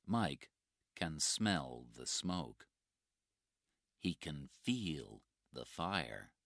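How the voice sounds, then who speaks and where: A man narrating a graded-reader story for English learners, very slowly and clearly spoken. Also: extremely low pitch, sing-song, a bit bright, dry recording, clean studio sound.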